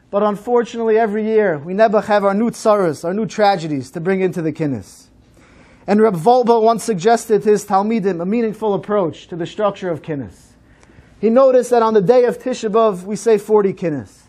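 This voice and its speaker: A man giving a solemn, measured sermon-style talk at a synagogue program. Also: high-pitched, warm tone.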